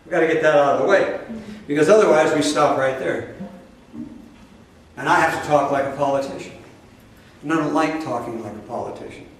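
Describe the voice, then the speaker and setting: This man's voice is a little high and brisk, broken by long pauses. Giving a sermon to a live audience as a spiritual teacher, he's emphatic and repetitive and addresses listeners directly, captured from afar in a very echoey room.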